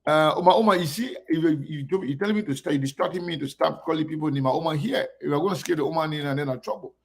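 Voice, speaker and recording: Gravelly host greeting viewers. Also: male voice, a little high, quick pace. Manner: warmly greets viewers by name, one after another. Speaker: online show host. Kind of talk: casual live-stream chat.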